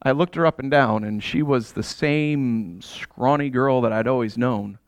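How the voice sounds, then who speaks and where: A man telling a dramatic first-person story monologue to an audience. He swings from quiet asides to exasperated, near-shouted outbursts and throws rhetorical questions at his listeners. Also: mid-range voice, a little slow, clear, resonant tone, dry recording.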